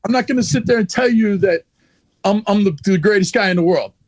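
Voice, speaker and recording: A man's voice: high-pitched, fairly quick, dry recording. A man who is a wrestler guest, telling a story in a blunt, profane, heated way in a casual interview.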